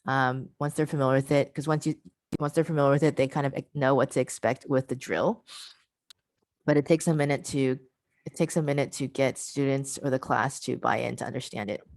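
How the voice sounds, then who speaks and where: A woman's voice: a bass voice, steady tone, brisk, darkish tone, no room sound, studio quality. A woman presenting an online teacher workshop over a video call, patient and repeating her key points.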